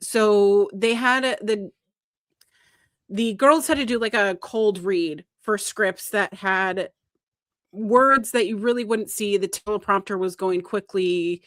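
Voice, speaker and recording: A woman co-hosting a casual podcast, retelling a story with lively emphasis and the odd swear word. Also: medium pitch, slow, dry recording, studio quality. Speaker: podcast co-host. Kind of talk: casual chat.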